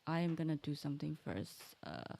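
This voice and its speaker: A woman's voice: sits low, expressive, brisk, gravelly, mellow, a little hiss or hum. A woman casually commenting while playing a video game, thinking aloud and trailing off mid-sentence. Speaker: gaming streamer. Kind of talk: casual let's-play commentary.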